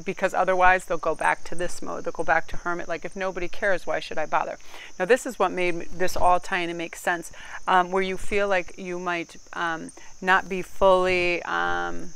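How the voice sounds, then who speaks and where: A woman's voice: lowish voice, fairly bright tone, clean tone, low-quality recording. A woman giving a casual tarot card reading, talking in a chatty, rambling, candid way with some casual swearing.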